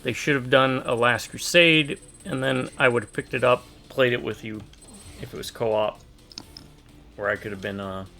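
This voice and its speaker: A man chatting casually with a friend while they play a co-op game, jokey and excitable, with sudden shouts. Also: mid-range voice, moderate pace, gravelly. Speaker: co-host gamer. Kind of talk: casual co-op gaming chat.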